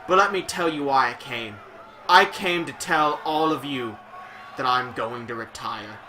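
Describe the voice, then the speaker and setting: A man's voice: mid-range voice, measured pace, bright, forceful tone, a little hiss or hum. A man faking a vengeful Scottish wrestler. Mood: solemn. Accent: put-on Scottish, admittedly poor. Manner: dramatic, solemn wrestling promo delivery. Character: brooding Scottish male wrestler vowing vengeance.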